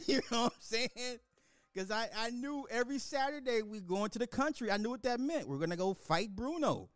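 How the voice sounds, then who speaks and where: Animated man telling stories. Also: sits high, normal speed, long pauses, dry recording, faint music behind. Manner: animated storytelling, laughs often, swears. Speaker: podcast host. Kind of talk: casual chat.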